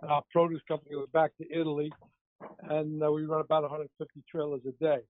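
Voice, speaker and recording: A man with a fairly high voice tells a rambling, joking family story as a podcast guest. The sound is dry and thin, like a phone line. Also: monotone, fast talker, dry recording. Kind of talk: storytelling in casual chat.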